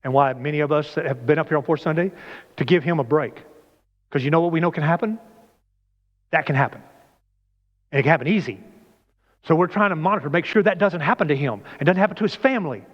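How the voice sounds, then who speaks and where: A man's voice: a little high, quick pace, pauses often. Man preaching with questions, echoing church hall. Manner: conversational, asks the congregation questions. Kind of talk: sermon. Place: church sanctuary. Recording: dull lo-fi church recording with long reverb.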